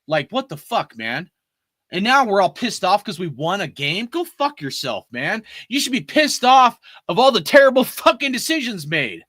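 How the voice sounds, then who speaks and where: Forties guy ranting hard, bright high voice jumping all over, swearing nonstop. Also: big pitch swings, moderate pace, dry recording, clean studio sound. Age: 40s. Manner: profane, heated ranting. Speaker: sports fan commentator. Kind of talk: ranting fan commentary.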